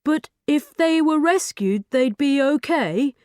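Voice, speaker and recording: A woman's voice: sits high, lively intonation, slow pace, darkish tone, no room sound, studio quality, voice pushed up. A woman voicing an eager, naive teenage boy robot who talks in a wide-eyed, earnest way. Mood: curious. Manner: wide-eyed and earnest, asking simple questions.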